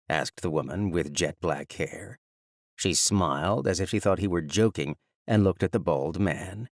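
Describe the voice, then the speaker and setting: Low-voiced man narrating a fantasy audiobook. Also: gravelly, dry recording, studio quality. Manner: measured, even storytelling.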